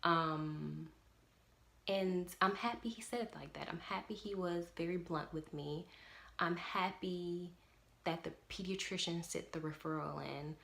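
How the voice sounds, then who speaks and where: An earnest young woman speaking straight to camera in a casual vlog, leaning hard on her points with emphasis. Her voice sits a little low for a woman. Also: measured pace, creaky, fairly bright tone. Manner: earnest, emphatic, repeats "definitely". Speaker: parent vlogger.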